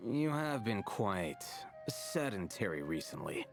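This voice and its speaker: An actor voicing an aloof, dry-witted scholar in a game, measured and deadpan. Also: male voice, lowish voice, vocal fry, music in the background, exaggerated voice. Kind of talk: game voice acting.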